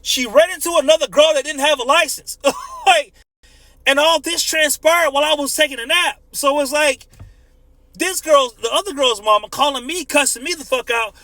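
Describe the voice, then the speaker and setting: A man's voice: very high-pitched, normal speed, sharp tone, no echo. A man in his thirties, a truck driver, ranting profanely in a casual monologue and laughing often as he tells stories.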